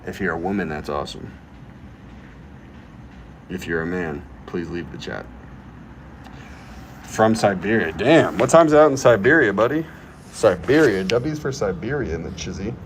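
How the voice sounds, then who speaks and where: A man's voice: low-pitched, lively intonation, unhurried, pauses often, background noise. A young man hosting a casual livestream, reading chat aloud and hyping himself up with playful bits. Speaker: livestream host. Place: current location he names while streaming.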